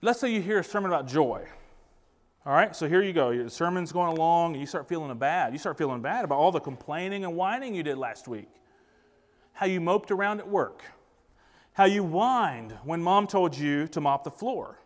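A man with a slightly high, animated voice preaches a sermon at a moderate pace, speaking emphatically and putting rhetorical questions to the congregation. The recording carries the long reverb of a large hall.

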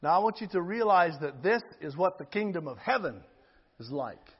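A man preaching a sermon, reading scripture slowly and rising to loud, emphatic appeals to the congregation. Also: high voice, sing-song, breathy edge, long reverb tail, lo-fi sound.

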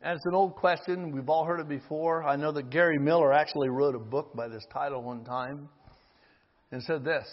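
A man preaching a sermon, reading scripture slowly and rising to loud, emphatic appeals to the congregation. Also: a little high, fairly even intonation, in a large hall, muffled recording.

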